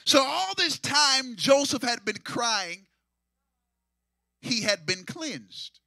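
A man a sermon as pastor, shouting and half-singing in rising waves and repeating phrases to draw responses. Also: extremely high pitch, sing-song, takes it slowly, creaky, dry recording, clean studio sound. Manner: shouting, sing-song preaching with repetitions.

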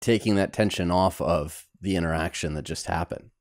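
A man hosting a podcast interview, asking measured follow-up questions and summarizing the guest's points. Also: sits low, darkish tone. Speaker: podcast host.

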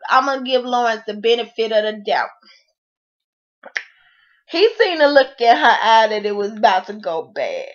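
A woman with a fairly high voice, telling a show recap in an excitable, slangy way and acting out the lines. The recording is dull and lo-fi. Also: normal speed, pauses often. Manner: excitable storytelling, slangy, acts out quotes. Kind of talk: animated reality-show recap.

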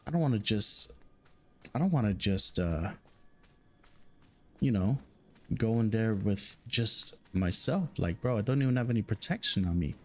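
A man's voice: fairly low pitch, lively intonation, normal speed, long pauses. A young man casually commenting on a horror game he plays, chatty and jokey, reading game lines aloud. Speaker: gaming YouTuber. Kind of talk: casual let's-play commentary.

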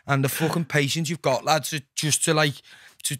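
A man's voice: fairly high pitch, steady tone, normal speed, fairly bright tone, no room sound, clean studio sound. A young man with a Liverpool Scouse accent, a podcast guest rambling in sweary casual chat, full of "lad" and "you know what I mean". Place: podcast studio.

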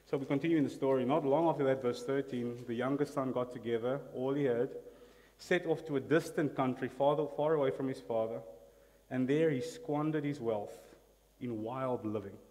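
Man, pastor, sermon, emphatic, middle pitch, long hall reverb. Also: moderate pace, dark tone. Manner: emphatic, asks the congregation to repeat words. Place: church hall.

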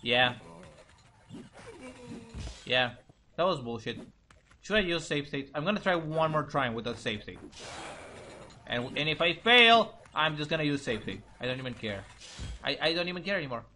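Young guy ranting through a let's play, swearing and muttering, slightly high voice. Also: lively intonation, moderate pace, long pauses, pushed and bright, a little hiss or hum. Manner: frustrated, swearing, muttering and repeating himself. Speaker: gaming channel host.

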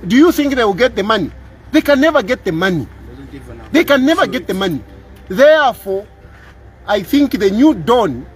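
Zambian man, very high voice, emphatic, repetitive, lawyer pleading a case to camera. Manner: emphatic, repeats lines, tags "eh?" for agreement. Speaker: public lawyer. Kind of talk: impassioned street appeal to camera.

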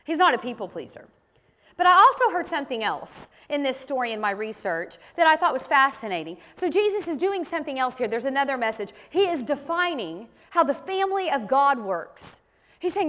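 A woman delivers a sermon in a casual, storytelling way, acting out quoted voices as she goes. Her voice sits high, and long reverb from a big church hall trails after her words. It sounds like a women's ministry teaching. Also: big pitch swings, fairly quick, fairly bright tone. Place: church sanctuary.

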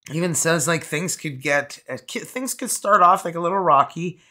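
A woman's voice: fairly low pitch, moderate pace, bright, forceful tone. A Canadian woman giving a casual, rambling tarot reading to camera, with lots of fillers and laughter. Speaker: tarot reader.

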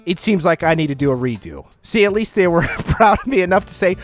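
Man, gaming commentator, lively swooping delivery, self-mocking jokes, frequent laughs, faint music behind. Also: on the high side, fast, few pauses. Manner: joking and self-mocking, laughs often, sudden excited outbursts. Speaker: gaming YouTuber. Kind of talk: casual gameplay commentary. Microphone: close microphone.

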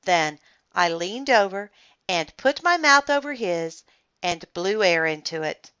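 A woman reads a children's book aloud, unhurried and full of expression, her pitch leaping around. Her bright voice comes through a slightly dull lo-fi recording. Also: clean tone. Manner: expressive, animated storytelling.

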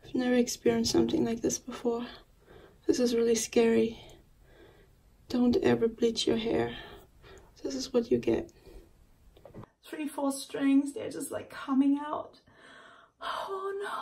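A woman vlogging to camera in a panicky, breathy way, often close to tears. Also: high-pitched, darkish tone. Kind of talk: distressed casual vlog to camera. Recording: voice a little far from the mic.

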